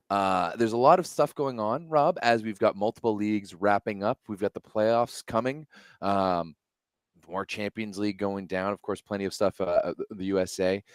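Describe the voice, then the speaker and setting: Male podcast host, low voice, loose rambling delivery over a laptop stream. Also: clear, resonant tone, dry recording, clean studio sound. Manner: rambling, self-interrupting, many fillers. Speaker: show host. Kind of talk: casual livestream chat. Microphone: laptop webcam livestream.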